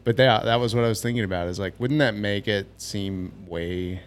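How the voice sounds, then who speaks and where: Joking male podcast co-host. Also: fairly low pitch. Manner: easygoing, joking banter with quick interjections. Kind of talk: casual chat.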